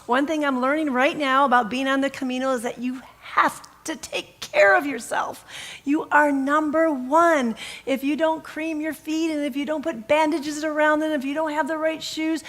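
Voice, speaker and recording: A middle-aged woman minister with a high-pitched voice gives a casual, story-driven sermon, animated and laughing as she acts out the dialogue.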